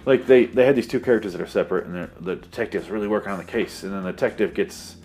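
A man's voice: fairly low pitch, very fast, a little mellow, faint music behind. A man giving a sarcastic, profane, rambling comedic recap of a movie plot.

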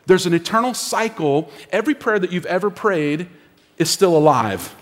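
A man's voice: high-pitched, animated, normal speed. A man preaching a sermon as pastor, emphatic and repeating phrases for effect, in a church auditorium. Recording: long hall reverb.

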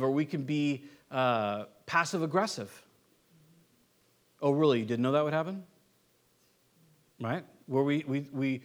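Middle-aged male pastor, high voice, chatty sermon, frequent restarts. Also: fairly bright tone. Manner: conversational, repeats words when restarting, asks "right?".

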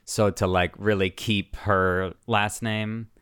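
Low, smooth-voiced man chatting. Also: no room sound, studio quality. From immigrated as a refugee as a child. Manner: relaxed, drawn-out, swears casually. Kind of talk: casual chat.

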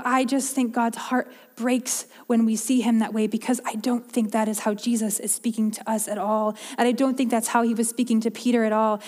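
A woman's voice: fairly high pitch, darkish tone, long reverb tail. A woman preaching a sermon in an earnest, heartfelt way, often restarting and repeating her words.

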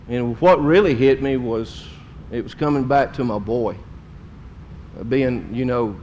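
A middle-aged pastor tells a story during a sermon, folksy and emotional, drawling Southern phrases as he goes. His voice sits at medium pitch, and the recording carries a little hiss or hum.

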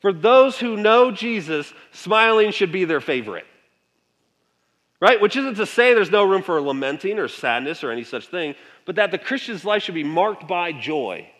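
A man's voice: high-pitched, very animated, moderate pace, fairly bright tone. A man preaching a sermon in a conversational way, often turning to the congregation with questions. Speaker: pastor. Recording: long hall reverb.

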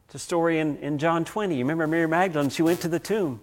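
A man preaching a sermon as pastor. He tells stories, swinging between loud passages and hushed ones. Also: on the high side, fast talker.

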